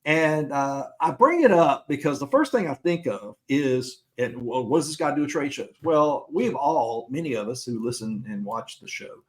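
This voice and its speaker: A middle-aged man at a mid-range pitch, spinning a personal story on a podcast. He talks casually and chattily, acting out what each person in the story says. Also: expressive, normal speed, few pauses. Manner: chatty anecdote-teller who acts out dialogue. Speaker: podcast co-host.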